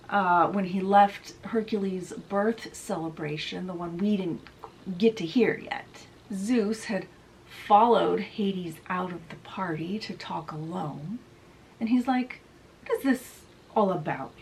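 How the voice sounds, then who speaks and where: A woman's voice: medium pitch, a little hiss or hum, rough recording. A woman hosting a book video, chatty and digressive as she retells a story in a casual summary.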